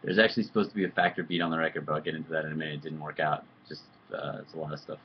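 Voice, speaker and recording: A man's voice: a bass voice, little pitch movement, very fast, slightly rough, dull audio. A man chatting casually on a live video stream, answering fan questions in a loose, joking, rambling way. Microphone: computer webcam mic.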